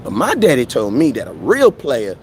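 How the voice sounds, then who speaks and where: A young man hosting a live fan show, talking sports in a slangy, animated, preaching way with lots of repetition. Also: mid-range voice, normal speed, a little hiss or hum. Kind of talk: casual live-stream sports talk.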